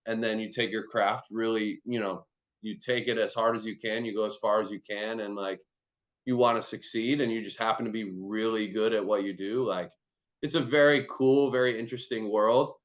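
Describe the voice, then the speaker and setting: A lower-voiced man chats on a video call, easygoing and profane, stringing thoughts together with "like" and "you know." The audio is dull and lo-fi, as if coming through a laptop mic. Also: steady tone, normal speed. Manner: loose, chatty, swears freely, many "like"s. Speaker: host and performance trainer. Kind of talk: casual video-call chat.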